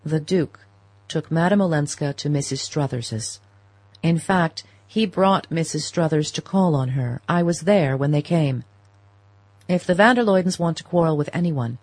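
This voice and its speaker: A woman reading the part of an impatient young gentleman arguing with his mother, in an audiobook. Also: low-pitched, unhurried, dry recording. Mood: exasperated. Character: exasperated young gentleman, her grown son.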